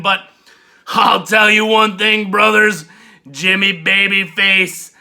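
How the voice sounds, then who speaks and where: A man voicing a brash, boastful male wrestling-promo persona who shouts and calls everyone brother and daddy. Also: very high-pitched, gravelly, pitched above the performer's own voice, heavily acted.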